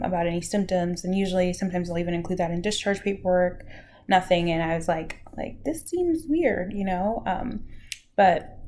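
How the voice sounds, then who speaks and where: Teary mom vlogging, kinda gravelly, halting and soft, bit of hiss behind. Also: female voice, fairly low pitch. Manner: emotional, halting, near tears, soft at times. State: tearful. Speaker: vlogger sharing her health journey. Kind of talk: emotional personal vlog.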